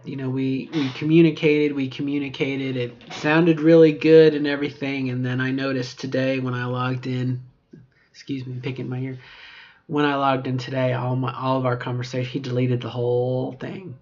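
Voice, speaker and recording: A woman's voice: rumbling low, dull audio. Middle-aged woman rambling in a video diary. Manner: rambling, reflective, many "you know" fillers. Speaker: vlogger.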